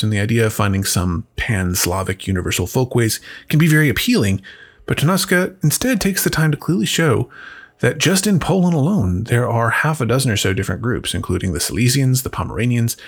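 A man hosting a podcast, delivering scripted narration as a measured, expressive reading. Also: medium pitch, creaky, breathy edge. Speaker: podcast host.

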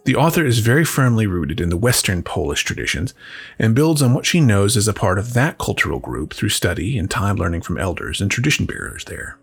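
A man hosting a podcast, delivering scripted narration as a measured, expressive reading. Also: lowish voice, gravelly, husky, faint music behind. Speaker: podcast host.

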